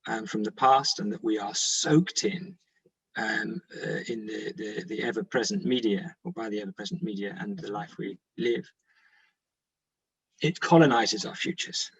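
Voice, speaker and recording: A man speaking as a panelist, halting often with ums. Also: lowish voice, fairly bright tone, breathy edge, rough recording. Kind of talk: panel discussion.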